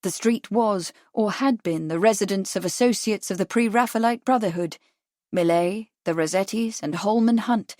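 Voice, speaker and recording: Woman, audiobook narrator, calm measured reading, mid pitch, dry close sound. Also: no echo. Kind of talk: scripted narration.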